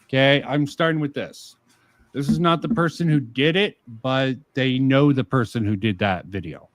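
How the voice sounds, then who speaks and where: A man's voice: medium pitch, dry recording. A man hosting a casual commentary stream, reading comments aloud and rebutting them sarcastically. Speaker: streamer host.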